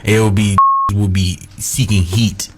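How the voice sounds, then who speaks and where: A man's voice: on the low side, level tone, a little slow. A man telling a crude, funny story in a clip played on air. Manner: crude, laughing anecdote. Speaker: social media clip speaker. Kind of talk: casual storytelling.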